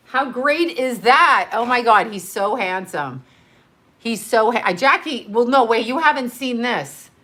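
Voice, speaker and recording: Gushing, breathless woman with a bright voice. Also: fairly high pitch, a little slow. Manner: gushing, excitable, laughs often. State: heavy breathing. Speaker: live stream host. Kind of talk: casual live-stream chat.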